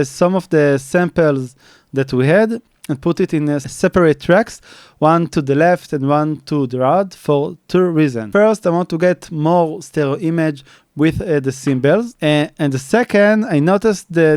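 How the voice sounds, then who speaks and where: A man's voice: on the high side, a little mellow, clean tone, no echo. A man, a mixing engineer, walking through a studio tutorial step by step in a plain manner, often restarting and using fillers. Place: recording studio. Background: faint drum playback.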